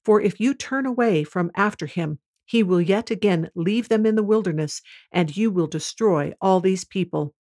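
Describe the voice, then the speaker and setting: A woman host reading scripture aloud at a measured, even pace. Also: mid-range voice.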